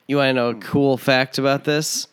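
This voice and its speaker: A man co-hosting a podcast, tossing out movie trivia in easy, casual chat. His voice is smooth and clean, at a middling pitch, and he laughs readily. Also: steady tone, normal speed. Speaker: podcast co-host.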